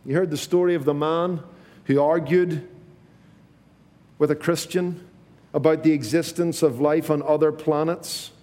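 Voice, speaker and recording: A man preaching a sermon, slow and emphatic, repeating key phrases to his congregation. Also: a little high, steady tone, darkish tone, big-room sound.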